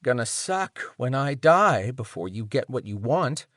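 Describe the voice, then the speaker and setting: A man voicing a wounded young woman warrior, rough-voiced, weak and sarcastically defiant. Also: medium pitch, sing-song, measured pace, a bit bright, dry recording, clean studio sound. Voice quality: rough, strained. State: weak from blood loss.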